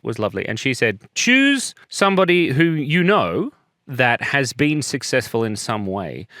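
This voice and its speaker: A man's voice: medium pitch, a bit bright, no room sound, studio quality. A man talking casually in a personal vlog, joking and self-deprecating while getting choked up, and coughing as he gets over a chest infection. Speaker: vlogger.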